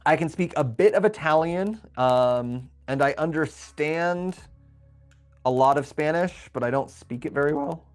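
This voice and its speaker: A young man hosting a casual livestream. He thinks aloud while building and reads viewer messages aloud in a relaxed, chatty way. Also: a little high, measured pace, faint music behind. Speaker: livestream host building a LEGO set.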